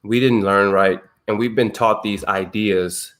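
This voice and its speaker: A man's voice: lowish voice, fairly even intonation, measured pace, fairly bright tone. A man hosting an online men's circle on a video call, talking casually and emphatically with slang, telling personal stories. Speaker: circle host. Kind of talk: casual group talk.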